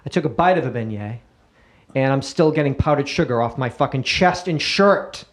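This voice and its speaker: Male comedy podcast co-host, casual and profane, pitch swinging widely. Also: moderate pace. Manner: profane, animated, jumps into shouted put-on characters.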